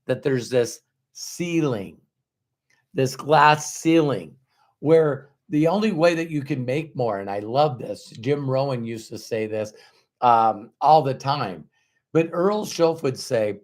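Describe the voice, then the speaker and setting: A man's voice: medium pitch, darkish tone. Emphatic male motivational speaker. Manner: emphatic, repeats words for stress, acts out quoted dialogue; conversational with frequent fillers and rhetorical questions. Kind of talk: motivational talk with storytelling.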